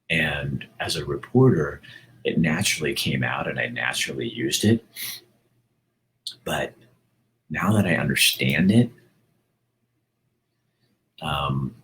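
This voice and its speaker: A man's voice: very deep voice, sharp tone, rough recording. A middle-aged man hosting a casual monologue, talking earnestly and rambling, with frequent restarts. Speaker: host.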